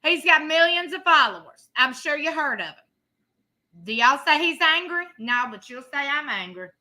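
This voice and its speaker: A woman in her thirties hosts a livestream of casual commentary, talking bluntly and sassily and laughing often. Her voice is high-pitched with a sharp tone, at normal speed.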